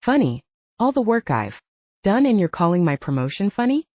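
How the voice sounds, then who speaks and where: A woman voicing a proud, ambitious young woman lawyer who speaks in a crisp, assertive courtroom manner, in a slightly muffled lo-fi recording. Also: mid-range voice, sing-song, moderate pace, mellow, dry recording. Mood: indignant.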